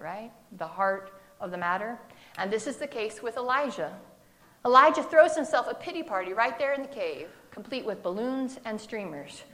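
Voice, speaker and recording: A woman's voice: fairly high pitch, fairly bright tone. A woman preaching a sermon in a conversational, humorous way, acting out the quotes in her text.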